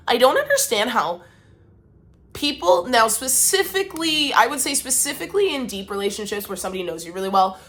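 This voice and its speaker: A woman's voice: medium pitch, a bit bright. A woman vlogger talking casually to her viewers, emphatic and exasperated as she vents. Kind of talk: casual talk to camera.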